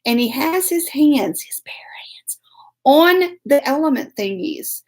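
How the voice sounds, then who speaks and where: A woman's voice: sits high, lively intonation, slow, darkish tone. A woman telling a story to camera in a casual, self-mocking way, laughing often. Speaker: host.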